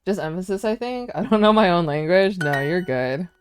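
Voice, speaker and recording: A woman's voice: on the low side, expressive, normal speed, slight background noise. A woman streaming casually as she works through a language lesson, chatting playfully and sounding out foreign words aloud. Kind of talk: casual livestream chat during a language lesson.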